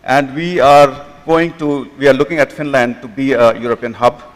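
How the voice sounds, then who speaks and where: A man's voice: mid-range voice, steady tone, moderate pace. Man wrapping up a talk in a hall. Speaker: conference speaker. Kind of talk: closing a presentation. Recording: long hall reverb.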